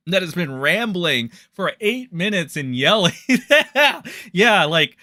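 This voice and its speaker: A man's voice: high-pitched, very animated, slow, sharp tone, no echo, studio quality. A man giving reaction commentary on a clip, mocking and incredulous, often breaking into laughter. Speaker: commentary streamer.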